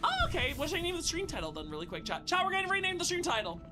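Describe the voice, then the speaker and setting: A young woman streaming a game live, chatting with viewers and exclaiming and shouting as she plays. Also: very high voice, big pitch swings, very fast, over music. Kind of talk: live gameplay commentary.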